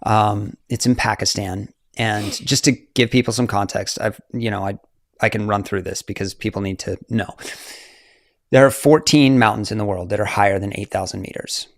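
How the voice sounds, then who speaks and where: A man's voice: fairly low pitch, moderate pace, no room sound, studio quality. A man in his forties, a mountaineer guest, telling his story casually with many fillers and laughs. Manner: animated, fillers, laughs often.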